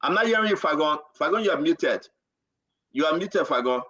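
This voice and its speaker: Animated man hosting a call-in. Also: a little high, fairly quick, dull audio. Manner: animated, pleading asides, directs callers. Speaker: talk show host and moderator. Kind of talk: online call-in talk show.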